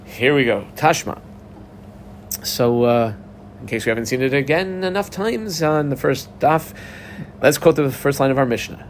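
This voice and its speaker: With a medium-pitched, animated voice at normal speed, a man teaches Talmud in an orderly, step-by-step manner. He reads brief Aramaic phrases, gives their translation and instructs learners precisely how to mark their text, while a little hiss or hum sits underneath.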